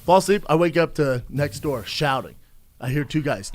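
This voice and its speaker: A man on a podcast telling a dramatic story, swearing and acting out the voices of others. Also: animated. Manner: fast, swearing, acts out quotes loudly and drops low for asides. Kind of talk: animated storytelling on a podcast clip.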